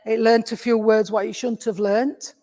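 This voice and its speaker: A woman's voice: on the high side, level tone, moderate pace, mellow. A woman with an English accent giving a mediumship demonstration in a village hall, chatty and affectionate, calling her listener sweetheart and darling. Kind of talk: mediumship demonstration addressing an audience member.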